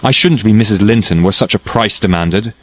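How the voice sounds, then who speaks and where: A man's voice: lowish voice, brisk, natural voice, rough recording. A man voicing a passionate, headstrong young woman in an audiobook reading, delivering her lines in an impassioned, declaiming way.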